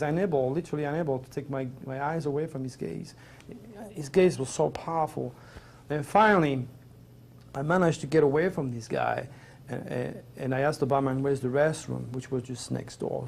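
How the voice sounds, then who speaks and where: A man's voice: mid-range voice, vocal fry, darkish tone, a little hiss or hum. A middle-aged man with a French accent, a native French speaker, tells a personal story as an interview guest in an earnest, rambling, emotional way. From Provence, France.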